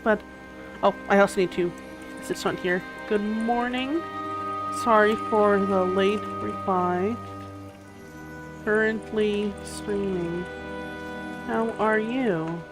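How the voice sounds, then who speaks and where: A woman streamer chatting casually while she plays a game, meandering and hesitant, often dropping to a soft murmur as she focuses. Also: medium pitch, fairly even intonation, slow pace. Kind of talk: casual gameplay commentary. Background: game music.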